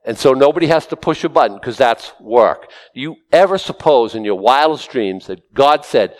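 A man's voice: medium pitch, lively intonation, normal speed, hardly any pauses, big-room sound, low-quality recording. A man preaching a sermon, telling stories animatedly with acted-out quotes. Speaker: pastor.

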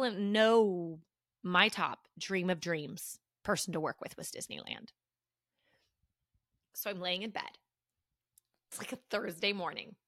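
A woman's voice: medium pitch, a little slow, pauses often, a bit bright, no room sound, studio quality. A woman in her thirties hosting a podcast, telling a story in a chatty, rambling way with many fillers. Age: 30s. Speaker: podcast host. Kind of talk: casual storytelling chat.

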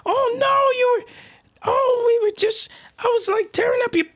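Brash young woman bounty hunter voiced by a man, squealing, very high and breathless. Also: normal speed, fairly bright tone. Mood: panicked.

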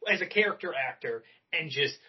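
Excitable young man on a lo-fi podcast. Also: fairly high pitch, a little fast. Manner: excited, swears a lot, acts out movie quotes. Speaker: podcast co-host. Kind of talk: casual movie discussion podcast. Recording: distant mic, dull lo-fi sound.

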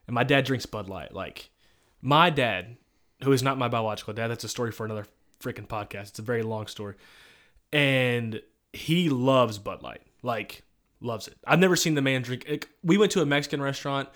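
A man's voice: mid-range voice, brisk, a bit bright. A young man from Missouri, co-hosting a podcast in a casual chat, rambling through long stories and laughing often. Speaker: podcast host.

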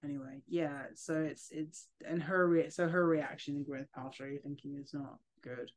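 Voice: mid-range voice, fairly even intonation, normal speed. A podcast co-host in a casual book discussion who chats loosely and often trails off mid-thought. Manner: chatty, trailing off, many fillers.

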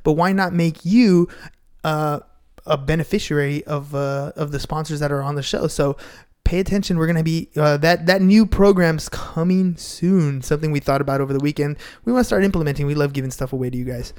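A man's voice: fairly high pitch, a little fast, a little mellow, smooth. A man co-hosting a podcast, doing an upbeat, salesy sponsor read in a casual way. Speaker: podcast co-host.

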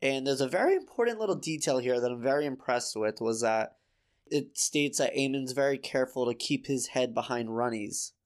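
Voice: mid-range voice, animated, a little fast. A podcast co-host in a casual book discussion, talking about the story in an earnest, emotionally invested way.

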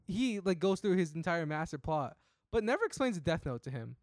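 A man's voice: a little high, very animated, brisk, a little mellow, no room sound, studio quality. A man co-hosting a podcast in casual chat, talking loosely with frequent fillers and swearing. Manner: casual, swears, lots of likes and restarts. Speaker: podcast co-host.

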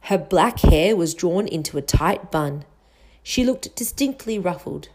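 A woman narrating a storybook aloud in an expressive reading style. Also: unhurried. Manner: expressive reading with lively pitch. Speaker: audiobook reader.

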